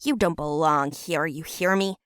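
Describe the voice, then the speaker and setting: A woman's voice: low voice, unhurried, a bit bright, smooth, dry recording, studio quality. Casual: woman doing a snotty teen boy being a jerk, sneery. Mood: sneering. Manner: sneering, mocking. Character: smug insulting teenage boy.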